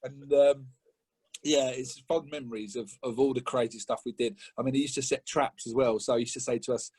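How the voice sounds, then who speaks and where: Chatting casually as a podcast guest, a middle-aged man from England spins a lively story, laughing frequently and impersonating other people's words with a rising pitch. His delivery is brisk and husky.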